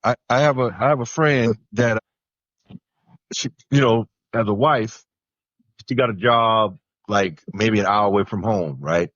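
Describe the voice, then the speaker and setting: A man's voice: lowish voice, measured pace, a bit bright, no echo. Easygoing man telling a story on a podcast. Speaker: podcast panelist. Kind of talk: casual podcast discussion. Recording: dull, dry recording.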